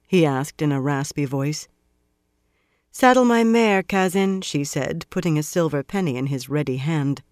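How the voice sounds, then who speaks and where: Dry, measured audiobook narrator. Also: medium pitch, steady tone, darkish tone, no echo. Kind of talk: scripted fantasy audiobook narration.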